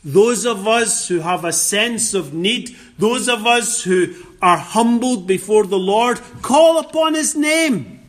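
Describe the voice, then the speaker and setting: A man's voice: high-pitched, slow pace, hardly any pauses, a bit bright. A male preacher delivering a sermon, quoting scripture and stressing key phrases through emphatic repetition.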